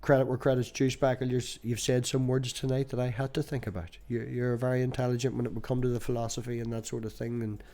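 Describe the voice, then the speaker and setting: A man's voice: mid-range voice, little pitch movement, fast, hardly any pauses, warm tone. A young Irish man hosting a casual podcast chat, telling stories, swearing freely and laughing easily. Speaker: podcast host.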